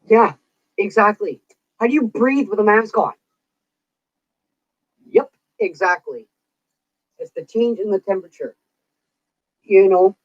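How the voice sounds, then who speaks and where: A woman's voice: mid-range voice, sing-song, a little slow, long pauses, no echo. A woman vlogger venting in casual chat, swearing freely as she rants. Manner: profane, venting rant. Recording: dull, dry lo-fi recording.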